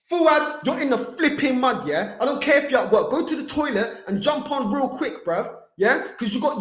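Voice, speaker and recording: A man hosting a football fan channel, delivering a heated livestream rant full of street slang. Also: very high-pitched. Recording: echoey room.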